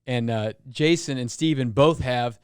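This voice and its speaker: A man's voice: medium pitch, measured pace, clear, resonant tone, dry recording, studio quality. A man hosting a podcast, rambling through a story with plenty of swearing. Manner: rambling, swears, reads timestamps aloud. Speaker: podcast host. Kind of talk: casual podcast chat.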